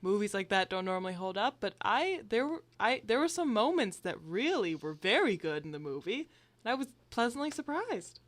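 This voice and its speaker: A woman's voice: medium pitch, big pitch swings, moderate pace. A woman co-hosting a casual movie-review podcast, chatty and a little hesitant. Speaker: podcast co-host.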